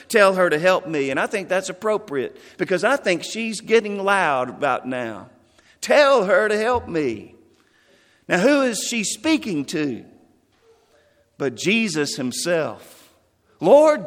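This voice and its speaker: A man preaching a sermon, expressive, acting out the quoted lines of the people in the passage. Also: high voice. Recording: long hall reverb.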